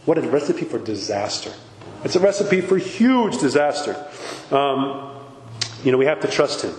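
A man's voice: mid-range voice, expressive, moderate pace, darkish tone. A man giving a conversational sermon as a priest, speaking emphatically and asking his listeners many rhetorical questions. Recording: echoey hall with faint background noise.

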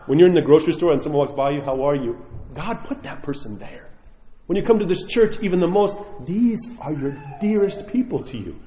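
A man, a priest, preaching a sermon to his congregation, earnest and pleading, swinging between loud emphasis and soft asides. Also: on the high side, lively intonation, a little fast, a little hiss or hum. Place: church. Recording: echoey church hall, dull sound.

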